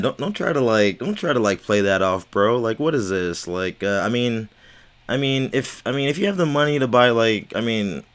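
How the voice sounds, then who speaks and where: A man's voice: lowish voice, a bit bright. A man with slurred speech rambling casually on a livestream, stammering, repeating words and swearing. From United States. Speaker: livestream host.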